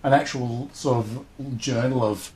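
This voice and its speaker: A man's voice: medium pitch, fairly even intonation, unhurried, a little mellow. A middle-aged man chatting casually in an interview, rambling enthusiastically and acting out little voices as he talks. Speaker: guest, hobby show host.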